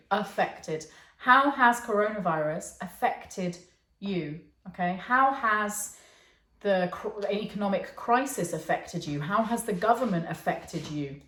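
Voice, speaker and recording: A woman's slightly bright mid-range voice carries through an echoey room as she teaches English online. She explains with patience, checking in with her learners using "okay" and "yeah."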